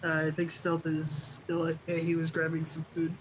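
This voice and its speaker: A man's voice: a little high, completely flat delivery, moderate pace, background noise. A man making wry joking asides as a player in an online tabletop game.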